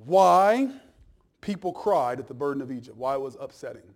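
A male pastor delivers a conversational sermon, teasing his congregation and acting out small asides while swinging from loud emphasis to quiet, low remarks. He talks at a quick pace.

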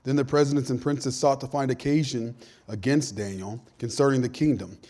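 A pastor preaching a conversational sermon in a church, joking with his congregation and swinging from hushed to loud. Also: medium pitch, fairly even intonation, a little fast. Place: church with a sound system.

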